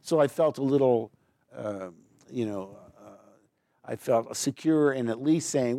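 An American voice actor tells stories in a casual interview, rambling quickly with many restarts and asides. His voice sits in an ordinary middle range. The recording is dry, with no room sound. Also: mid-range voice, mellow, no echo.

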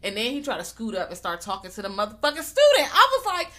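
A woman co-hosting a podcast, recapping a film in animated, profane casual chat and acting out the characters' lines. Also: a little high, quick pace. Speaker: podcast co-host.

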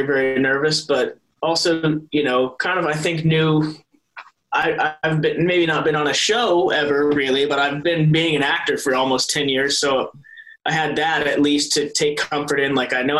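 A man's voice: on the high side, steady tone, moderate pace, a bit bright, low-quality recording. A young adult man, a guest actor on an interview, telling stories in a rambling way with many restarts and laughs. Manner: rambling, self-correcting, laughs often. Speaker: soap opera actor, guest. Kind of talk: casual interview chat.

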